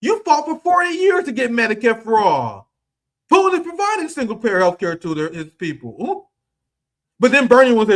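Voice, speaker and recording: Brief: man, 30s, very high voice, profane combative streamer rant, loud bursts and quiet asides. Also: huge pitch swings. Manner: quick swings between loud outbursts and low asides. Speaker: political streamer. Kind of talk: heated political commentary.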